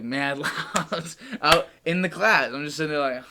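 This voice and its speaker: A young man hosting a casual podcast chat, animated and joking as he tells stories. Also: a little high, measured pace, heavy background noise. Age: young adult. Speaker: podcast host.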